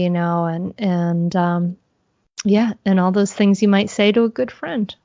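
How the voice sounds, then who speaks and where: A woman answering as a podcast guest, explaining calmly and earnestly, thinking aloud as she goes. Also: medium pitch, unhurried, no echo, lo-fi sound. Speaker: guest, mindfulness mentor for parents.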